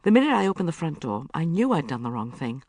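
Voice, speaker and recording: Expressive woman narrating an audiobook. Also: low-pitched, fast, no room sound. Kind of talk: first-person audiobook narration.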